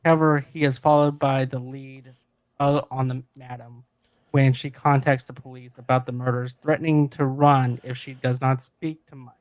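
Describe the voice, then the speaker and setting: A man hosting a casual movie review chat, recapping the plot in a lively way and quoting the characters. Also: medium pitch, moderate pace. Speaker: podcast host.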